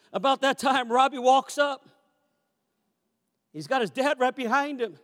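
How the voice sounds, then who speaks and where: A man preaching a sermon as a pastor, telling a story with animated, acted-out quotes and repeated refrains. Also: very high-pitched, a little slow, long pauses, in a large hall. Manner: animated storyteller who acts out quoted voices. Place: church sanctuary.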